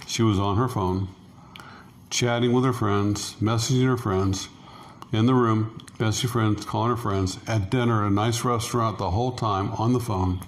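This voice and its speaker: A middle-aged man casually telling a rambling personal story, full of fillers and acted-out quotes. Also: on the low side. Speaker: interview guest, expat.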